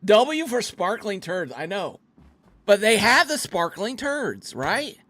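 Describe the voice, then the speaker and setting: Excitable man narrating his gameplay. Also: high voice, slow, no room sound. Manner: excitable and playful, laughs easily. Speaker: gaming channel host. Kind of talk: casual gameplay commentary.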